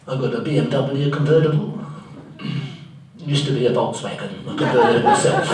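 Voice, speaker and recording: A man's voice: medium pitch, a little mellow, natural voice. A man playing a bumbling, well-meaning, accident-prone man, telling a rambling comic story live on stage. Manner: naive, earnest, rambling storytelling full of mishaps. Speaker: stand-up tribute performer. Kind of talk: live comic monologue in character. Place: theatre stage. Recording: very echoey live room, mic far off.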